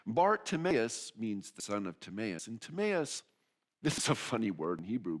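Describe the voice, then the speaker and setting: A male pastor preaching with a lively, swooping voice that leaps up high for emphasis. His talk is loose and conversational, and he keeps repeating his main phrases. Now and then he slips into quick voices for people in the stories. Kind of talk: sermon.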